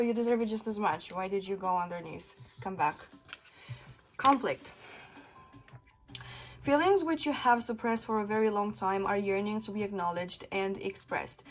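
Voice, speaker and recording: In a rough recording, a woman with a mid-range voice and normal pace leads a pick-a-card tarot reading for her audience. She's earnest and blunt, occasionally swearing to stress a point, and she voices questions to the spirits while drawing cards.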